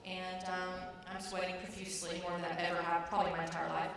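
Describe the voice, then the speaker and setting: A woman's voice: lowish voice, level tone, fast talker, few pauses, a little hiss or hum. A woman in her thirties telling a personal story, acting out her own lines with rising intensity. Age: 30s. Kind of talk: personal story told to an audience. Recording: very echoey room, distant mic.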